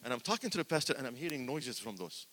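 An older man preaching a sermon in a church, swinging between loud exclamations and quiet asides, repeating words for emphasis. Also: mid-range voice, sing-song, fast, big-room sound.

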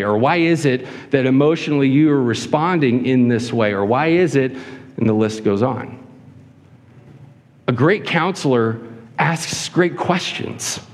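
A man preaching a sermon as a pastor, earnest and full of rhetorical questions. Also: a little high. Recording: hall reverb.

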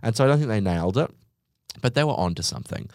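A man's voice: on the low side, lively intonation, fast talker, darkish tone, no echo, clean studio sound. A young man hosting a podcast, ranting comically with sarcasm, exaggeration and swearing. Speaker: podcast host. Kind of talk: comedic monologue rant.

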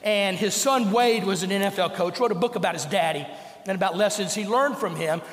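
An older man preaching a sermon as pastor, telling stories and dropping to a hush for emphasis. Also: sits high. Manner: storytelling preacher, slows and drops to a hush for emphasis. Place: church sanctuary. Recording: echoey church hall.

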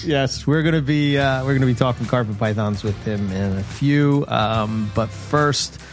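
A man hosting a podcast in a loose, rambling way, laughing often and making fun of himself. His voice sits at an ordinary middle pitch. Faint music plays underneath. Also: moderate pace. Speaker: podcast host. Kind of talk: casual podcast chat.

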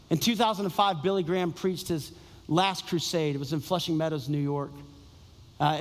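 High-voiced preacher in a reverberant hall. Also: male voice. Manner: storytelling, exclamatory and repetitive. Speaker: pastor. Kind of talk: sermon.

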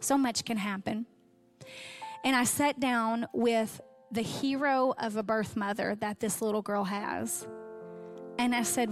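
Woman, pastor's wife, raised voice, preaching a testimony over soft music. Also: fairly high pitch, fairly even intonation, a little slow. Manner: heartfelt storytelling, voice catching with emotion. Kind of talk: sermon testimony.

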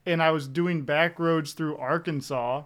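Smooth-voiced man telling stories. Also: a little high, steady tone, unhurried, fairly bright tone. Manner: laid-back anecdotal storyteller. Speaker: guest. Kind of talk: casual chat.

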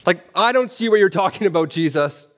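A man's voice: high-pitched, expressive, brisk, a bit bright. A man voicing a puzzled male disciple who bluntly admits he does not understand. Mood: confused. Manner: blunt, exasperated questioning.

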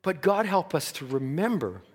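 High pitched guy preaching, earnest, ups and downs in emphasis, echoey hall. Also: sing-song, moderate pace, slightly rough. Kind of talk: sermon.

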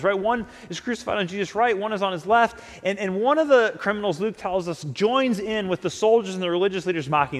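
A man gives a sermon in a casual, conversational way, often slipping into imagined dialogue. His voice sits a little higher than most men's and carries a long reverb, as in a church sanctuary. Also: a bit bright. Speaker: pastor.

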